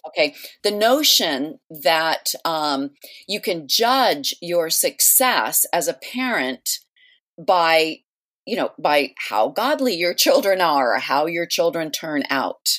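A middle-aged woman who is a guest author on a podcast interview, speaking in a thoughtful, measured way. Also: deep voice, sing-song. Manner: thoughtful, measured, with soft laughs.

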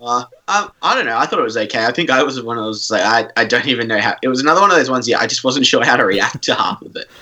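A man's voice: mid-range voice, expressive, fast talker, few pauses, sharp tone. A man co-hosting a casual podcast chat, hesitant and rambling. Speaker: podcast co-host.

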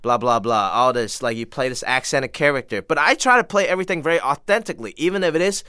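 A man in his thirties, raised in Hong Kong, talking as an interview guest in a casual, animated way and acting out the people he quotes. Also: medium pitch, fast talker, clean tone, dry recording, studio quality. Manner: animated storyteller, acts out quotes. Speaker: actor and author guest.

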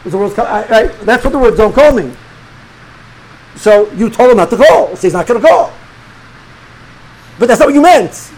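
Middle-aged male rabbi, high-pitched, chatty lecturing style with stammered restarts. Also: moderate pace, pauses often, poor audio. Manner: animated, repeats and restarts words, sprinkles Hebrew and Yiddish terms. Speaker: rabbi teaching students. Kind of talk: informal religious lecture.

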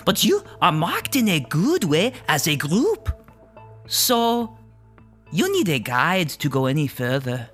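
A man voicing a gentle, kindly female forest spirit with a raised, lilting voice. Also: on the high side, huge pitch swings, slow pace, faint music behind, voice pushed up, exaggerated voice. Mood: reassuring.

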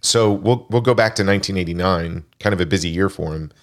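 A man's voice: sits low, fast. A man hosting a casual movie podcast, reading through crew credits with frequent fillers. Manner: reads film credits, chatty with frequent fillers. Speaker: podcast host.

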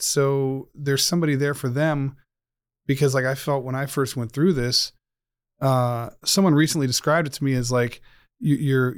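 A man's voice: medium pitch, dry recording. A man hosting a podcast, talking earnestly and gratefully in a casual interview, with frequent fillers and restarts. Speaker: podcast host.

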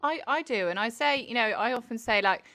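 A woman's voice: a little high, lively intonation, brisk, sharp tone. Candid woman chatting. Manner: candid, reflective, rambling with restarts. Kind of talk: casual conversational chat.

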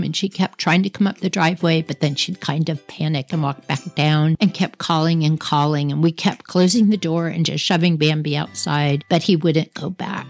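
A woman tells a childhood story in a chatty, animated, casual manner. Her voice sits on the low side and has a gravelly texture. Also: moderate pace, hardly any pauses, faint music behind.

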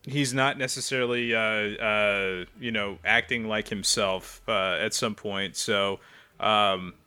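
A man's voice: on the low side, fairly even intonation, slow, bright, forceful tone, clean tone. A man playing a tabletop game, hesitant and thinking aloud. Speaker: player.

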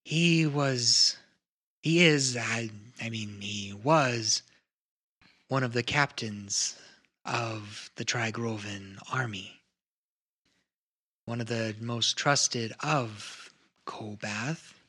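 A man's voice: medium pitch, pushed and bright, breathy edge, exaggerated voice. A man playing an earnest male advisor. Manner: slow, earnest, deliberate.

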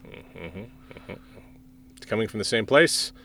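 A man's voice: on the low side, expressive, unhurried, bright, forceful tone, slight background noise. A man co-hosting a podcast over a remote call, chatting in an amused, rambling way. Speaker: podcast co-host. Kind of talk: casual chat.

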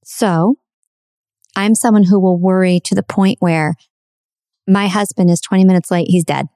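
A woman's voice: on the low side, steady tone, normal speed, warm tone, no room sound, studio quality. A middle-aged woman hosting a podcast, giving an earnest, reflective spiritual self-help talk and repeating phrases for emphasis. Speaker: podcast host.

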